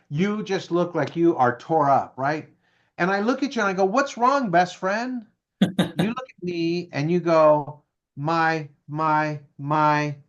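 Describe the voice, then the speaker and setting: A man's voice: high voice, highs cut off. A man being interviewed who tells a story with energy, acts out the dialogue and keeps asking "right?" and "okay?". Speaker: guest speaker.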